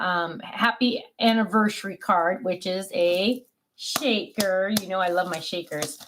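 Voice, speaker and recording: A middle-aged woman with a slightly high voice chats on a casual live stream. She gushes warmly over cards and reads viewer comments aloud. Her talk is loose and friendly, full of fillers.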